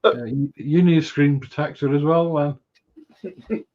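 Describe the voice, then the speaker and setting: Over dull lo-fi stream audio, a man co-hosts a livestream in casual chat, reading viewers' messages aloud, teasing his friend, and laughing easily. His voice is a little high and darkish in tone, and he speaks a little slowly.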